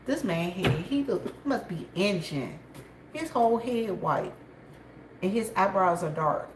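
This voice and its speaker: A woman chatting casually to her viewers from a gas station store, gossipy and quick to laugh. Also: medium pitch, lively intonation. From South Carolina, USA. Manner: chatty and gossipy, laughs often, calls out loudly to coworkers. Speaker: vlogger. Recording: echoey room, faint background noise.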